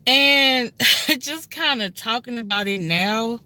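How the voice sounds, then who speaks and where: Bright, earnest woman in her thirties. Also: fairly high pitch, lively intonation, slow. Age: 30s. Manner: earnest, emotional, often addresses viewers directly. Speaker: vlogger telling a personal story. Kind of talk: casual heartfelt story time. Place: inside a car.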